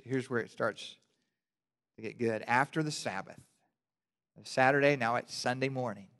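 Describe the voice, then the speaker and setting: A male pastor preaching a sermon, telling the story animatedly and building to loud, passionate emphasis. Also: mid-range voice. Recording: long hall reverb.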